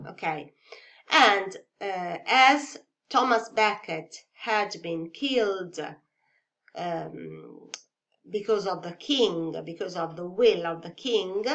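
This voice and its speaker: A woman teacher with an Italian accent talks through a revision lesson at an unhurried pace. Her voice is bright and clear, and she keeps pausing with fillers and checking in with "okay?". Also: medium pitch. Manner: slow and careful, hesitant with many fillers and "okay?" checks. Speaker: English literature teacher.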